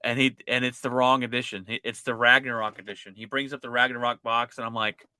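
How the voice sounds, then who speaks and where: A man co-hosting a sports podcast, telling stories in an animated, chatty way. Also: medium pitch, fast talker, clear, resonant tone, no echo. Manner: animated storytelling. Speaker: podcast co-host. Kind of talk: casual chat.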